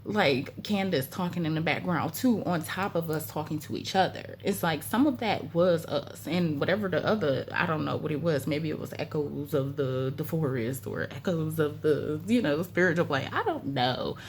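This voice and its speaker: A woman casually telling a story to her vlog audience, animated and colloquial, repeating phrases and laughing now and then. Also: deep voice, moderate pace, hardly any pauses, a little hiss or hum. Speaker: storytime vlogger.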